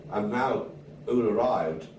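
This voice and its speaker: A man's voice: fairly low pitch, takes it slowly. An older man from Merseyside, a retired drummer, telling stories in a casual interview and acting out the voices of people he quotes, with frequent swearing. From Merseyside, England. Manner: lively storyteller who acts out quoted voices and swears freely. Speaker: retired drummer and band agent. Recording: echoey room from far off with faint hiss.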